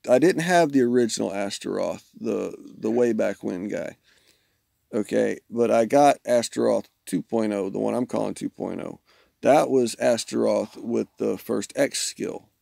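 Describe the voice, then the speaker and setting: In a studio-quality recording with no room sound, a man with a lowish, dark voice and vocal fry speaks unhurriedly while livestreaming a mobile game. He rambles about his setup and trades jokes with his chat and with friends on a call.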